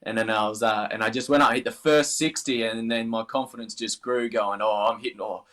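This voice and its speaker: A man's voice: mid-range voice, steady tone, brisk, fairly bright tone. An Australian man chatting casually as an interview guest, rambling with many restarts. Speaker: interview guest, darts player.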